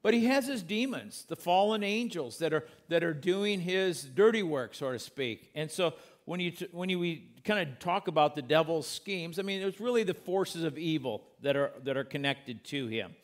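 A man's voice: on the high side, animated, moderate pace, hardly any pauses. Man preaching in a conversational tone. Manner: conversational preaching with corny jokes; reads scripture aloud and explains it. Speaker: pastor. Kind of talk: sermon.

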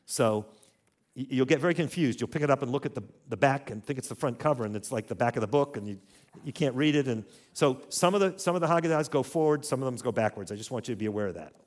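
A man's voice: medium pitch, animated, fast talker. A man teaching a church audience in a conversational way, asking them to repeat words after him. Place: church hall.

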